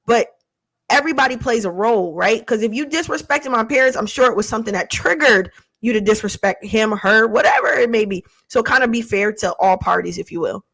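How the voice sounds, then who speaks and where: A woman's voice: a little high, brisk, fairly bright tone, dry recording, low-quality recording. A woman co-hosting a podcast in casual chat, reflective and questioning. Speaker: podcast co-host.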